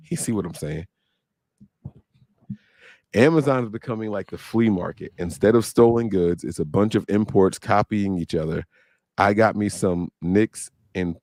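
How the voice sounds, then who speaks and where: A man's voice: deep voice, darkish tone, no room sound, clean studio sound. A man in his thirties, co-hosting a podcast in loose, joking, slangy chat. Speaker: podcast co-host. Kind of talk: casual livestream chat.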